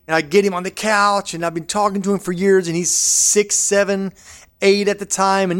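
Jokey middle-aged man with a higher voice. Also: flat delivery, normal speed, fairly bright tone, clean tone. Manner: emphatic, jokey, acts out quotes. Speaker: podcast co-host. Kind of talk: casual chat.

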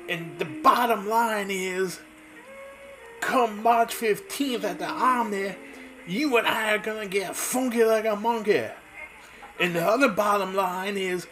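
A man's voice: high voice, a bit bright, pitched above the performer's own voice. A man putting on a swaggering male wrestler cutting a promo, with a drawling jive rhythm and bellowing delivery. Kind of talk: impression within casual chat.

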